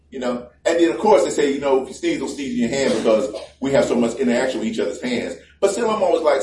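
A pastor preaches from the pulpit in a loose, joking, conversational way, slipping into little acted voices to make his points. His fairly high, slightly mellow voice is animated and fairly quick. The distant mic catches a roomy church sound with a faint hum beneath.

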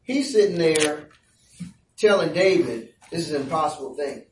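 Animated preacher in an echoey church. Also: male voice, a little high, moderate pace, slight background noise. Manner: animated storytelling with playful asides. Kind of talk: sermon. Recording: echoey room, voice from a distance.

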